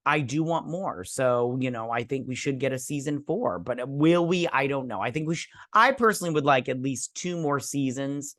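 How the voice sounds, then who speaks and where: A man's voice: mid-range voice, lively intonation, normal speed, hardly any pauses, fairly bright tone, no echo, clean studio sound. A man hosting a casual spoken TV review, rambling with many fillers and restarts and mimicking characters' lines. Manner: acts out characters' lines in mocking voices. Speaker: TV review host.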